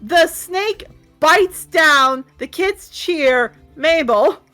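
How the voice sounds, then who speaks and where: A woman narrating a tabletop game as game master, animated and often laughing. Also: high voice, very slow. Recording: faint background music.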